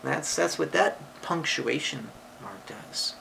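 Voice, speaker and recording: Slow, patient woman reading to a child. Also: gravelly, noisy background. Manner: slow, patient and affectionate, jumping into high excited voices for exclamations. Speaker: parent or relative reading to a child. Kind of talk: reading a picture book aloud, teaching punctuation.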